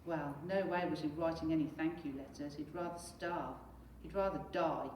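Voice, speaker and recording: Woman, teacher, children's story read-aloud, lively, lowish voice, echoey room. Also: normal speed, distant mic, a little hiss or hum. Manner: lively, expressive reading. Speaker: primary school teacher. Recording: echoey room, away from mic.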